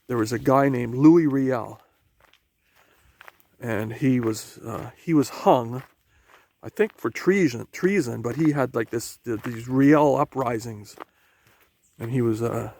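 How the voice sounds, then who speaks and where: A man with a gravelly, creaky voice talks into a handheld camera while walking outdoors on a trail. He thinks aloud, halting and restarting often, in a loose vlog style. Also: medium pitch, a little mellow. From Canada. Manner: halting, musing, many restarts. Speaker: vlogger. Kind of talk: rambling walk-and-talk vlog.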